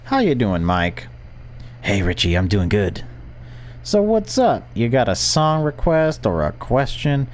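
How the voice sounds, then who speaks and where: A man's voice: medium pitch, big pitch swings, a little slow, slight background noise, voice pushed up. A man doing a peppy late-night radio DJ. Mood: upbeat. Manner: bright, chatty radio-host delivery.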